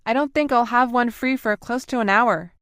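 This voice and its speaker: A woman reading the part of a businesslike female military specialist who speaks crisply. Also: on the high side, moderate pace, fairly bright tone, dry recording, studio quality, voice pushed up.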